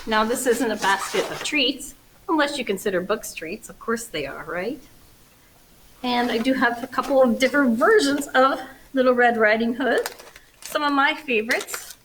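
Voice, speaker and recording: A librarian reads a storybook to children at storytime, expressive and animated. She drops in playful asides and questions. Her voice sits a little high. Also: noisy background. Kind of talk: storytime reading aloud.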